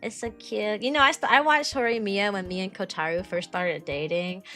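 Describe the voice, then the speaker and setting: A woman's voice: medium pitch, a little fast, soft background music. A young woman streaming as a VTuber, chatting casually and rambling with lots of "like". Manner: rambling, lots of "like", bubbly and animated. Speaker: VTuber streamer and kindergarten teacher. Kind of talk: casual stream chat answering viewers.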